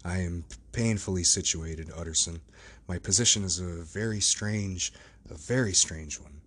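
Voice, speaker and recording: A man reading the part of a troubled gentleman doctor who pleads earnestly and evades questions. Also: deep voice, moderate pace. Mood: evasive.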